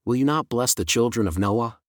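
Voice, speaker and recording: A man's voice: medium pitch, brisk, dry recording, studio quality, natural voice. A man voicing a male prophet who pleads earnestly with God in a solemn scripture reading. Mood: pleading.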